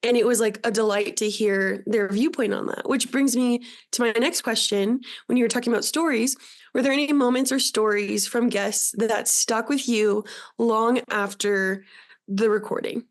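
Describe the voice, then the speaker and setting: A woman's voice: fairly high pitch, fairly even intonation, normal speed. A woman co-host asking the host questions in a casual, friendly and affirming way. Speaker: podcast co-host interviewer. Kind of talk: casual interview.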